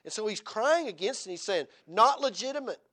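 A man's voice: high voice, sing-song, fairly quick. A man preaching a sermon in church, reading scripture aloud and driving his points home with rhetorical questions. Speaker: pastor.

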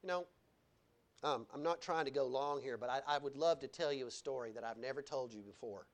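A male pastor preaching a sermon, animated, with laughing asides and wide swings in pitch and loudness. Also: fairly quick.

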